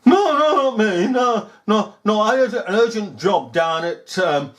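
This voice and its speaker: A man's voice: high voice, animated, unhurried, pitched above the performer's own voice. A man doing a stammering cop. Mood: flustered. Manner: stammering, evasive. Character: flustered middle-aged male police officer.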